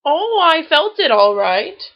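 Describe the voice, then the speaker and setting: A woman voicing a kindly, simple-minded male bear in a storybook, gentle and cheerful. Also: high voice, slow, creaky, lo-fi sound, heavily acted.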